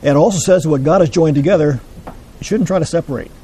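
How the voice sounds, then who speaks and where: A man teaching a Bible class, explaining scripture in a measured way and putting questions to his listeners. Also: fairly high pitch, warm tone, a little hiss or hum, rough recording.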